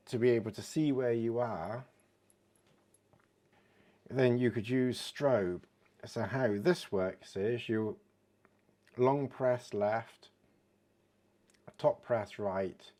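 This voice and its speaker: A man's voice: mid-range voice, darkish tone. A British man giving a casual watch demonstration, chatty and giggling at his own jokes. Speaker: watch reviewer. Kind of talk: casual product demo.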